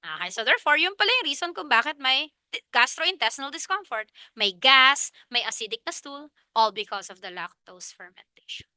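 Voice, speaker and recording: A young Filipino-accented woman teaches a review class in a high, bright voice that rings clean and crisp. She keeps it lively, mixing Tagalog and English and asking questions as if she were a student. The sound is dry and close. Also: a little fast, dry recording. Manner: lively Taglish teaching, poses questions as students then answers. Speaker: lecturer. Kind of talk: online review lecture.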